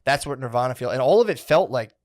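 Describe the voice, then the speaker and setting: A man hosting a casual podcast, rambling through a story with constant swearing and "dude" and "like". His voice sits at an ordinary middle pitch. He slips in and out of quoted voices as he talks. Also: expressive, fast. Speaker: podcast host.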